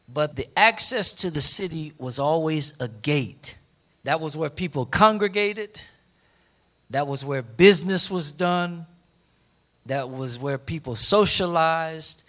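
A man preaching a sermon to his congregation, emphatic, repeating key phrases and slowing down to stress them. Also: a little high, a bit bright. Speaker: pastor. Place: church service before a congregation.

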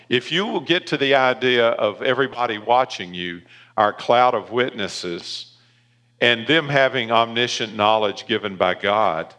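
Bright-voiced Southern pastor preaching. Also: male voice, lowish voice. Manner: emphatic preaching, voice rising on key points. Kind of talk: sermon.

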